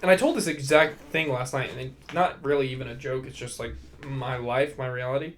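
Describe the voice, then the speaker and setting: A man's voice: fairly even intonation, a little fast, fairly bright tone, slight background noise. Tired young man rambling on a podcast. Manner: rambling, self-deprecating, drifting off-topic, often low and mumbled. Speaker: podcast host. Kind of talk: casual solo podcast ramble.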